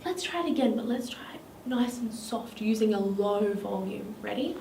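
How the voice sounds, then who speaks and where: A woman's voice: mid-range voice, normal speed, creaky, a little mellow. A woman with an Australian accent leading a children's drama lesson in an encouraging, sing-song teacher voice. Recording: echoey room, mic at a distance, faint noise.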